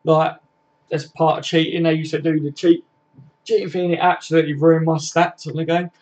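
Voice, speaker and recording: A man's voice: on the high side, level tone, brisk, a little mellow. Chatty laddish man, lo-fi stream. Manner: chatty, laddish, swears freely, says "mate" a lot. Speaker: live stream host. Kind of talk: casual live stream chat reading viewer comments.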